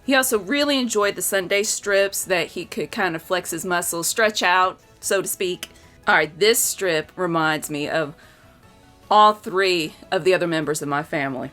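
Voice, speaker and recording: A woman's voice: lowish voice, normal speed, pushed and bright, soft background music. A woman in her forties giving a casual, chatty book review, openly emotional about what she reads.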